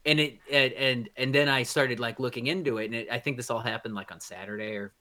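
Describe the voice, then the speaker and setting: A man's voice: medium pitch, fast talker, sharp tone. Rambling man in casual podcast chat. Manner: rambling, lots of restarts and fillers, blunt. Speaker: podcast co-host.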